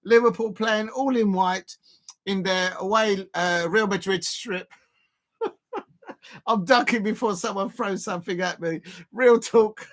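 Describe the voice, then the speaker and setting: A man streaming a football watch-along, chatting casually and bursting into excited shouts at the match. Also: high-pitched, moderate pace. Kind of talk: casual live commentary.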